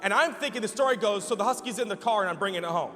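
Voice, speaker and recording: Pastor, male, high bright voice, animated sermon storyteller, church hall echo. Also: racing. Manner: animated, laughing storyteller with falsetto imitations. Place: church sanctuary.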